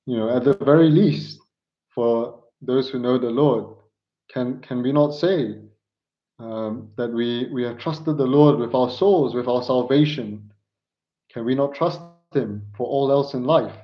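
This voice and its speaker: A man preaching a sermon in an earnest, halting way, pressing his listeners with rhetorical questions. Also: medium pitch. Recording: dull lo-fi recording.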